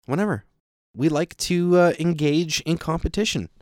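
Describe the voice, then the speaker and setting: A man's voice: a little high, normal speed, darkish tone, no echo, clean studio sound. A man hosting a comedy show, playing an improvised sketch in an earnest, straight-faced way.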